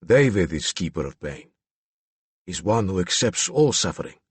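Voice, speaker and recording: A man voicing a hostile Eastern European tough with a heavy Slavic accent, speaking broken English in a low, harsh voice. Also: very animated, breathy edge, dry recording, exaggerated voice. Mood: grim. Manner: slow, menacing, clipped.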